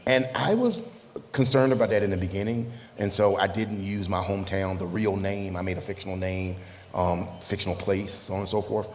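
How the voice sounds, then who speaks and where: Jokey low-voiced man in an echoing hall. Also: a little fast, a little mellow. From southern United States. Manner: jokey, laughs often. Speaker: author. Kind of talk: panel talk. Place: live event venue. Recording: reverberant hall with faint noise.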